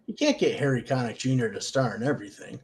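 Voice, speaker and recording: A man's voice: mid-range voice, sing-song, fast talker. A man co-hosting a podcast, joking around in casual chat. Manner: joking, goofy. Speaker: podcast co-host.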